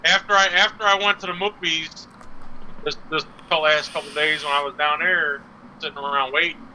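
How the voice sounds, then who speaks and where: A man's voice: fairly high pitch, steady tone, fairly quick, bright, forceful tone, a little hiss or hum, low-quality recording. A man co-hosting a live stream show, telling crude stories with a lot of swearing and laughter. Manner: profane, laughing, storytelling. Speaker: co-host. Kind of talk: crude casual chat.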